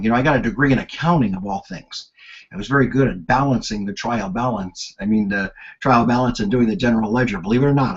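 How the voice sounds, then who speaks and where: A man in his sixties presenting a marketing lesson, telling anecdotes in an animated storyteller's way. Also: on the low side, breathy edge, lo-fi sound.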